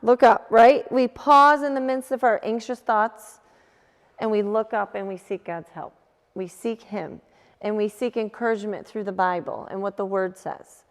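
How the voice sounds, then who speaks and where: A woman youth group leader giving a gentle, coaching talk, with frequent restarts and fillers. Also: medium pitch, moderate pace, in a large hall.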